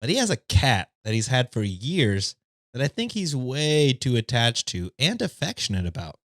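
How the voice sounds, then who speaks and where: A man with a mid-range voice, recorded close and dry, swears freely and jokes with his co-hosts. He switches from loose banter to reading stories out loud, keeping an easygoing, animated delivery. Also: medium pitch, normal speed, no echo. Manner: profane, animated joking. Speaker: podcast host reading stories. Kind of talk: casual chat and story reading.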